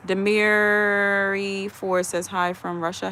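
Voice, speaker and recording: With a fairly bright, mid-range voice at a moderate pace, an American host chats on a livestream outside in the chilly evening. Speaking from behind a phone camera, they greet viewers one by one and read their comments aloud, and a little background noise is audible.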